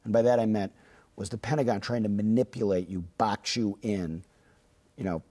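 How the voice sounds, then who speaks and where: A man's voice: lowish voice, steady tone, moderate pace, mellow. A man in his fifties from the Midwest, a journalist telling stories in a studio interview, full of fillers and restarts. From Chicago. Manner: hesitant, many fillers and restarts. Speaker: journalist guest. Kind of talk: studio interview, relaxed storytelling.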